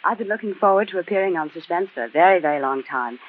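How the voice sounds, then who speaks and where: A woman's voice: fairly low pitch, lively intonation, fast talker. A young woman, a guest actress, chatting graciously and playfully on a 1940s radio show. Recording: tinny 1940s radio broadcast.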